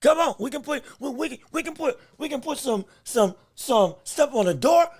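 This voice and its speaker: A man hosting a solo podcast, talking in an excitable, rambling way, often repeating words, with a voice that is straining and going hoarse. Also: very high-pitched, normal speed, no room sound. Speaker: podcast host.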